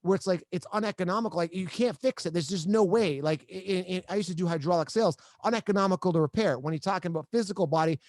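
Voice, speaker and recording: A male podcast host telling a personal story in a halting, emphatic way, often repeating himself. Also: sits high, darkish tone, no room sound. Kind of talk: emotional interview storytelling.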